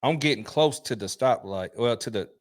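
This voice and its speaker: Here a middle-aged man on a trucking podcast talks at normal speed in a mid-range voice. His casual storytelling is animated, punctuated by laughs and false starts.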